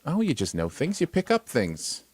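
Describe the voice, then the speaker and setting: A man's voice: a little high, huge pitch swings, moderate pace, husky, dry recording. A man co-hosting a casual live stream, teasing and chuckling often. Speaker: co-host.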